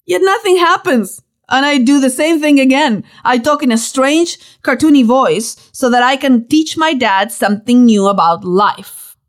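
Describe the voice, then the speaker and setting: A woman narrates a personal story in a high voice that rises and falls a lot. She tells it with playful, lively emphasis, the way someone reads their own book aloud. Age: young adult.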